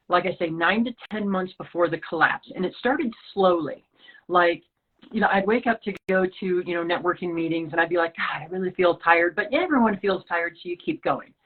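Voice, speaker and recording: Her voice is lowish and husky. A podcast guest from the Rocky Mountain region of the US, she recounts a personal story in conversation, animatedly acting out what people said, all heard through a lo-fi, phone-like line.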